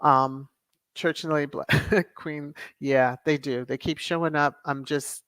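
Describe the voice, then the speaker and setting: A woman's voice: low-pitched, steady tone, unhurried, a bit bright, no room sound. A woman hosting her own commentary channel, talking casually to viewers with sassy, exasperated asides.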